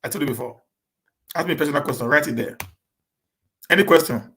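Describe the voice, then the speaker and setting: A man from Edo State with a Nigerian accent that mixes in Pidgin English. He hosts a casual live-stream Q&A, stammers, repeats and restarts words, and talks fast on purpose so he does not get stuck. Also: a little high, a bit bright, a little hiss or hum. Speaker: live-stream host answering viewers.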